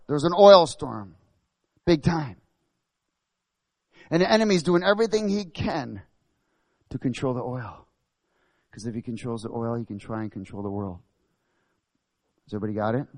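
A man preaching a sermon, asking the congregation questions and building to loud, emphatic bursts. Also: mid-range voice, no echo.

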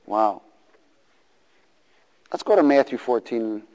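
Animated preacher man in a reverberant hall. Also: medium pitch, takes it slowly. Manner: animated, call-and-response, acts out voices. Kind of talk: sermon. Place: church hall. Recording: long reverb of a large hall.

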